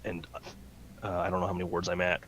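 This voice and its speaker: Deep-voiced man, halting player. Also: completely flat delivery, fairly bright tone, slight background noise, rough recording. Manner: halting, full of fillers and restarts. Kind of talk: casual tabletop game chat.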